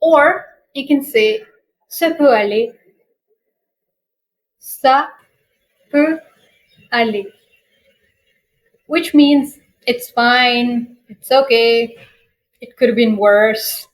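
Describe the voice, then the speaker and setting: A woman teaching basic French expressions, saying each phrase slowly and repeating it for learners. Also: a little high, rough recording. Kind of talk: slow language lesson with repeated phrases.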